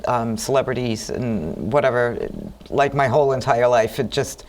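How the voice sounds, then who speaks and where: Animated New woman telling stories. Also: a bass voice, moderate pace. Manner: animated, acts out quotes in lively voices. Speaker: talk show host. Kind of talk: chatty storytelling. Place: TV studio.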